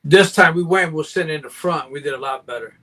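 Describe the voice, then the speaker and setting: A man's voice: fairly high pitch, quick pace, pushed and bright. An older man from Mexico, a guest breeder, telling joking stories in casual live chat and acting out his sales banter.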